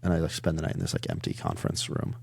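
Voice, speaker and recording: A man's voice: extremely low pitch, rapid-fire, vocal fry, slightly rough, no echo, studio quality. A young man, a comedian guest, telling a wild story in casual chat, rambling with lots of fillers. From Iowa. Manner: rambling, many "like" fillers, animated retelling.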